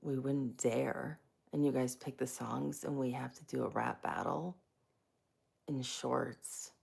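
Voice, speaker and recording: A woman's voice: extremely low pitch, slow pace, vocal fry, a little mellow, slightly rough. A woman hosting a casual live stream, chatty and self-mocking, greeting viewers by name.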